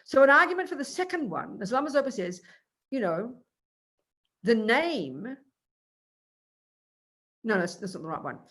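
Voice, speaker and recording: Animated older woman teaching dharma. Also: a little high, normal speed, pauses often. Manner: animated, emphatic, acts out little dialogues. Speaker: Buddhist nun teacher.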